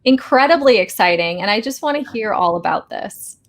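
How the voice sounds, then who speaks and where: A woman hosting a casual interview, enthusiastic and quick to affirm her guest. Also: medium pitch, lively intonation. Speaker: host.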